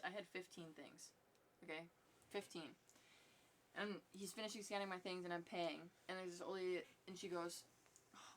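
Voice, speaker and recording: A woman's voice: fairly low pitch, fairly bright tone, slight background noise. A young woman co-hosting a casual podcast, chatty and blunt, laughing easily. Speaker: podcast co-host. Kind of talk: casual chat.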